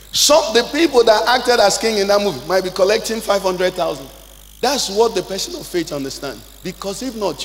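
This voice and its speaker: A Nigerian man, a pastor, preaching a sermon, swinging between loud, high calls and low, quiet asides. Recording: church hall reverb, faint noise.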